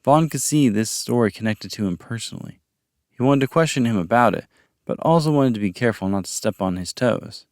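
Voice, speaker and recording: A man narrating a story podcast in a calm, measured reading voice. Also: mid-range voice, dry recording, clean studio sound. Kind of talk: audiobook-style story narration.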